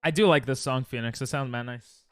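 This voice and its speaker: A man's voice: mid-range voice, brisk, clear, resonant tone, faint music behind. A young man hosting a gaming stream, teasing his friends in a laid-back way. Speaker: streamer host. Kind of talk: casual gaming stream chat.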